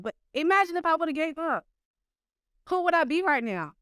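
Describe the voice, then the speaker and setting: A young woman from the United States, a brand founder, telling an emotional, animated personal story to a live audience. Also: high-pitched, brisk, no room sound, clean studio sound. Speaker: panel guest, clothing brand founder.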